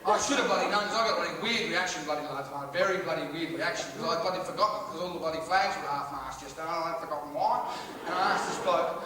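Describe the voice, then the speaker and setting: A man's voice: fairly high pitch, quick pace, far from the mic, background noise. A male stand-up comedian with an Australian accent, brash and profane, teasing the audience during a live show. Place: large music hall with a live audience. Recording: echoey hall taped from afar with loud crowd laughter.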